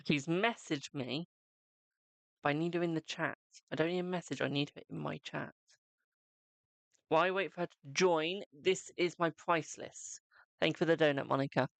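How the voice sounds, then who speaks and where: A man's voice: on the high side, moderate pace, gravelly, fairly bright tone, dry recording. A man with a British accent giving live-stream tarot readings in a chatty way, calling viewers "my darling". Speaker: tarot reader.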